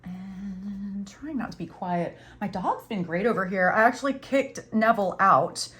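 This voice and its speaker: A woman's voice: medium pitch, lively intonation, unhurried, fairly bright tone. A middle-aged woman hosting a crochet tutorial, chatting casually and teasing herself while she works. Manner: chatty, self-teasing, says "y'all".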